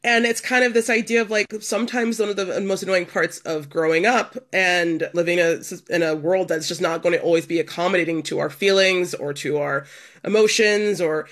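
A woman's voice: lowish voice, brisk, fairly bright tone. A woman culture writer and critic on a podcast, speaking frankly and with strong opinions, using casual fillers.

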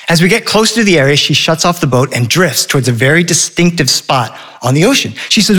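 A middle-aged man telling a personal story before a live audience, with a touch of wry humor. His voice sits a little high for a man, and he acts out the lines of the people in his tale. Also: a little fast, few pauses, slightly rough. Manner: wry, animated, acts out quotes.

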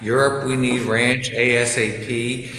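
A man's voice: medium pitch, level tone, unhurried, bright, forceful tone. A man joining a radio show as a guest over a video call, wry and amused. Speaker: guest commentator. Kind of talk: casual radio interview. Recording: roomy video call with faint noise.

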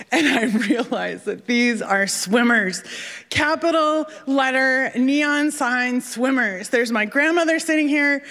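A woman telling a funny personal story on stage, animated and self-mocking, acting out the voices of the people in it. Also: high voice, big-room sound.

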